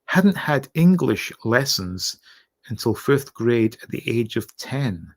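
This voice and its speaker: A Scottish man with an accent softened by years abroad, hosting a late-night livestream and reading out viewer comments in a rambling, halting way. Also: mid-range voice, lively intonation. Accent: Scottish, softened by years in North America. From Scotland. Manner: rambling, halting, lots of uh and restarts, thanks viewers. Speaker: livestream host.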